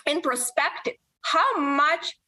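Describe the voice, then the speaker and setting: A woman in her forties answering interview questions earnestly, often halting and restarting her sentences. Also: high voice, lively intonation, sharp tone. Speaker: guest, member of Congress.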